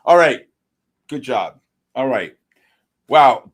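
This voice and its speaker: Excitable man hosting a live trading stream. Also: high-pitched, normal speed. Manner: animated, exclamatory, talks to chat by name. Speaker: livestream trading host. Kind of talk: excited live market commentary.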